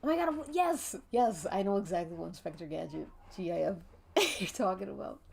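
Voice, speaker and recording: Animated, giggly woman streamer. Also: medium pitch, brisk, gravelly, a little hiss or hum. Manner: rambling, giggly, swears casually. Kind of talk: casual chat while drawing on stream. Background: faint background music.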